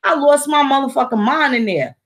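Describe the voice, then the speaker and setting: A woman's voice: sits high, lively intonation, brisk. A woman, telling stories in a blunt, profane casual monologue. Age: 40s. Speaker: vlogger.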